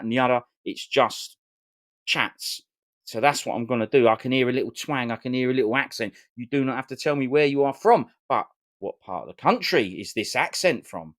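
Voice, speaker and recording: A man from London hosting a casual podcast chat, talking in an emphatic, repetitive, animated way. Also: mid-range voice, no echo, clean studio sound. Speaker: podcast host.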